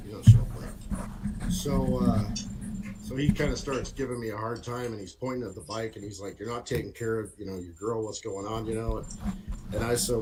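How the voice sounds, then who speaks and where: A man's voice: on the low side, very noisy. A middle-aged man telling a casual story with many fillers and frequent laughter. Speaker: guest on a motorcycle talk stream.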